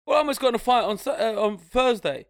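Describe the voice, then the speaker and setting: A young podcast co-host with a very high-pitched, lively voice talks quickly in a clean studio recording with no room sound. In sweary, casual chat he tells stories and acts out the voices of other people.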